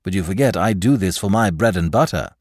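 A man's voice: sits low, animated, fairly quick, darkish tone, dry recording. A man voicing a dry, matter-of-fact police detective in a storybook reading.

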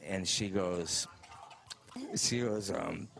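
A male comedian telling a stand-up story in an animated way, acting out the quotes. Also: low voice, moderate pace, faint music behind.

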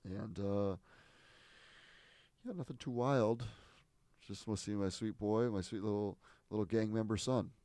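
Rambling, amused low-voiced man chatting. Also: fairly even intonation, a little slow, long pauses, warm tone, dry recording. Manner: rambling, self-interrupting, amused storytelling. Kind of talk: casual chat.

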